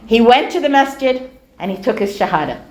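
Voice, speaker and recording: A middle-aged woman giving a storytelling lecture, animated and acting out the dialogue of her anecdotes. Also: a little high, brisk. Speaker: speaker giving a talk on dawah. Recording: echoey room.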